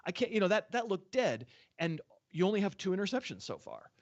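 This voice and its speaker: A man's voice: sits high, brisk, muffled recording. A man co-hosting a sports podcast, talking casually and jokily, laughing often. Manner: animated, jokey, laughs often. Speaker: podcast co-host. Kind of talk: casual sports betting chat.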